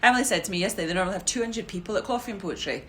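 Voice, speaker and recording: A woman's voice: mid-range voice, racing, slight background noise. A woman with a Scottish accent in a casual group reflection, chatty and full of "you know". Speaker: community learning worker.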